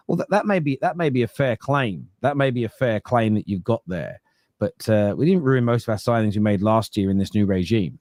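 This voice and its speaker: A man's voice: fairly low pitch, animated, moderate pace, a little mellow, dry recording, studio quality. A man hosting a casual football podcast, arguing emphatically and stumbling over repeated words as he starts sentences. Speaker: podcast host, fan pundit.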